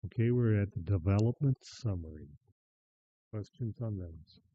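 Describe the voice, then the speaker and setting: A man with a lowish voice runs a meeting's agenda briskly, in a matter-of-fact way. The audio is dull and dry, as in a public meeting recording. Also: no echo. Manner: brisk, routine procedural. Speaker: committee chairman.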